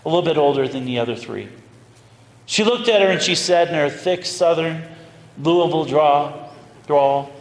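Priest preaching in an echoing hall. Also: male voice, a little high, moderate pace. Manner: animated, conversational storytelling. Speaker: pastor. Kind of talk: storytelling sermon. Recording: roomy hall reverb, faint noise.

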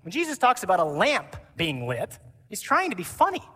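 Male priest, animated conference sermon, higher-pitched, reverberant hall. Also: fairly quick. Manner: lively, animated preaching with mimicry.

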